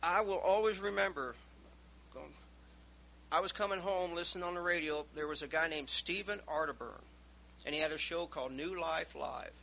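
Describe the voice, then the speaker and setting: A man's voice: on the high side, moderate pace, creaky, bright, forceful tone, slight background noise, rough recording. A man preaching a sermon, telling stories and reading scripture aloud with rising emphasis. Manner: storytelling, raises voice reading scripture.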